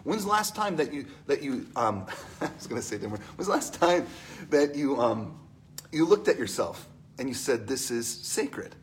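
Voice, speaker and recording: A man preaching a conversational sermon in an animated, storytelling way, asking the congregation questions. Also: medium pitch, normal speed, a little hiss or hum.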